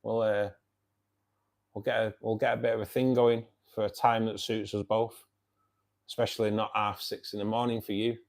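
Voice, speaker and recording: With a lowish, level voice and some vocal fry, a Manchester man chats at a normal pace while hosting a fish club live stream at home by his fish tank. He reads comments aloud in his Mancunian accent and greets each viewer by name.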